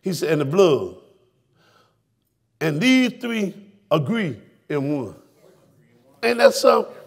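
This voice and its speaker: A man preaching a fiery sermon in a church, shouting and calling out to his congregation. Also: on the high side, sing-song, takes it slowly, creaky. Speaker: pastor. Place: church sanctuary.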